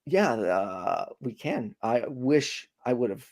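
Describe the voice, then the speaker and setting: A woman co-hosting a call-in dating show in casual chat, speaking haltingly and hesitantly. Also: extremely low pitch, lively intonation, darkish tone, no room sound, studio quality. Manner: halting, hesitant, fillers and restarts.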